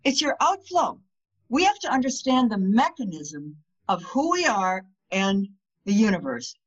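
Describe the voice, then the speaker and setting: A woman's voice: medium pitch, unhurried. A woman guest on a podcast, talking casually about spirituality and telling stories, and she acts out the voices of the people in them. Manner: animated storyteller, acts out quoted voices. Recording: dull lo-fi sound.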